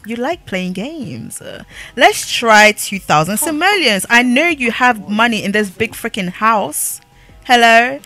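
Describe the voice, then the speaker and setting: A young woman gamer commenting on her play with a sassy, laughing energy. Her pitch is higher than most and swings widely. The tone is bright and sharp. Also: expressive, unhurried, no room sound, faint music behind. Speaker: gaming YouTuber.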